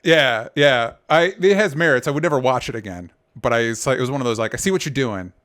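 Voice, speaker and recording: A man's voice: medium pitch, quick pace, a bit bright. A man hosting a podcast in casual chat, enthusiastic and talking straight to his listeners. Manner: enthusiastic, addresses listeners as "gang". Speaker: podcast host.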